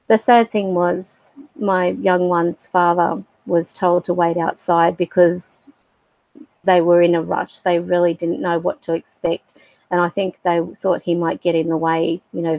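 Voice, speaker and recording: A middle-aged woman telling a personal story on a livestream, halting and reflective with many fillers. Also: fairly low pitch, a little mellow, no echo, rough recording. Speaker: spiritual livestream host.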